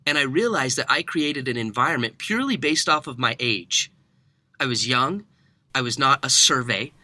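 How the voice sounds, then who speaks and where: A young man, a podcast guest, telling a story in conversation, animated and laughing often. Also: medium pitch, normal speed, dry recording. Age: young adult.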